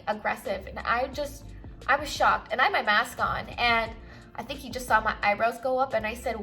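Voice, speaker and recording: A woman's voice: fairly high pitch, sharp tone. A young woman talking frankly and chattily while doing her makeup, a doctor vlogging. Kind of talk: casual get-ready-with-me chat.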